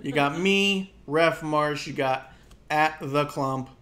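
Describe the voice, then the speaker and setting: A man's voice: on the high side, takes it slowly, fairly bright tone, smooth. A man co-hosting a casual wrestling talk show over an online call, emphatic and opinionated, rambling with fillers. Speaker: podcast co-host.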